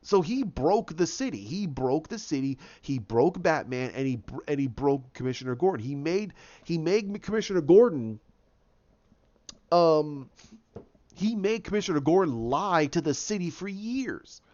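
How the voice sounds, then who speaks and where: A man talks through his opinions in a loose, rambling way, restarting his sentences as he goes. His voice sits a little high for a man. The recording sounds dull and lo-fi. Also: animated, measured pace, dark tone. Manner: rambling, with frequent restarts and acted quotes. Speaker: video host giving opinions. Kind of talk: casual opinion commentary.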